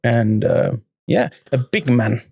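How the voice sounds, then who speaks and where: A man's voice: medium pitch, big pitch swings, slow, vocal fry, darkish tone, no echo. A man co-hosting a podcast in casual chat, rambling and searching for words. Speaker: podcast co-host.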